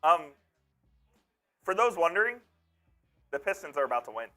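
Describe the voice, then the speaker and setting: A man's voice: fairly high pitch, very animated, normal speed, sharp tone, soft background music. A man co-hosting a sports stream, joking and reading out the chat. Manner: joking sidekick, reads the chat. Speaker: stream co-host.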